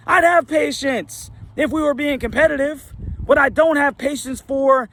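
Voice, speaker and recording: Middle-aged male fan commentator, high and gravelly, heated exasperated rant. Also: normal speed, fairly bright tone. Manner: heated, exasperated, rhetorical questions.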